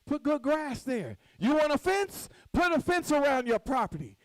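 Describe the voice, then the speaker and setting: A woman's voice: sits high, sing-song, normal speed, dry recording, rough recording. A woman giving a motivational speech from a podium at a conference, acting out little scenes and quizzing the audience. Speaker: conference speaker. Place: stage at a podium.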